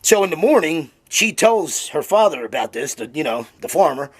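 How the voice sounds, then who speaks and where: A man's voice: on the high side, sing-song, normal speed, breathy edge. A man telling a long joke in a rambling, chatty way with many fillers. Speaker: comedian.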